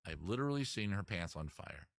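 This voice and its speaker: A man's voice: deep voice, sing-song, fairly quick, no room sound, clean studio sound. A man hosting a casual live-stream at home outdoors, joking and rambling in a self-mocking way. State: out of breath. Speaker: livestream host, musician. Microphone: camera mic, moves away from it.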